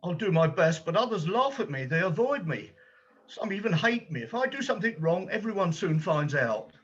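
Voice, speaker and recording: Guy acting a jittery sweet gallery guide, husky voice, pitch all over, muffled lo-fi sound. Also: big pitch swings, normal speed, fairly bright tone, full character voice. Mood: anxious. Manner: hesitant and anxious, stumbles over words. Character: anxious, kind-hearted male gallery guide. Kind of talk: amateur stage drama.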